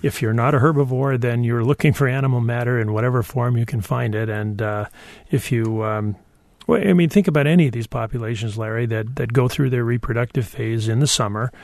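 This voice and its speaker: A man explains wildlife matters to radio callers in a thoughtful, halting way. His voice has a gravelly, rough edge, and the sound is dry and close. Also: mid-range voice, a little mellow, no echo. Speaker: wildlife expert guest. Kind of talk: radio call-in answers.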